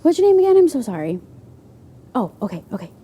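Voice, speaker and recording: A woman's voice: sits high, sing-song, mellow, breathy edge, pitched above the performer's own voice, full character voice. A woman impersonating a nervous, awkward male youth leader who halts and apologizes. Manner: halting, apologetic, flustered.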